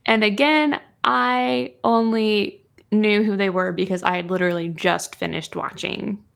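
A woman co-hosting a casual podcast, playful and quick to laugh and joke. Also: mid-range voice, fairly even intonation, creaky. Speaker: podcast co-host. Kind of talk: casual chat.

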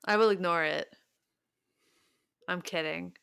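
A woman's voice: lowish voice, a little slow, creaky, a bit bright, clear, resonant tone, no echo, studio quality. A young woman co-hosting a podcast, teasing her co-host in casual chat and laughing often.

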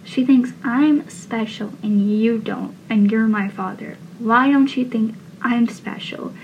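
A woman's voice: on the high side, takes it slowly. A woman voicing a hurt teenage boy pleading. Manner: pleading, emotional. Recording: dull lo-fi with faint hiss.

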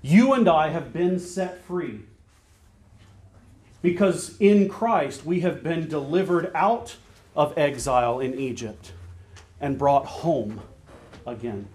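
A man preaching a sermon, earnest and emphatic, repeating phrases and slowing down to stress key words. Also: a little high, darkish tone. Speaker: pastor.

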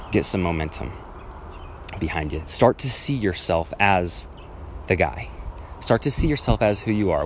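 On his own podcast, a man tells a reflective personal story solo, wandering and correcting himself along the way and acting out childhood scenes by raising his pitch. The audio is slightly muffled, with faint traffic noise in the background.

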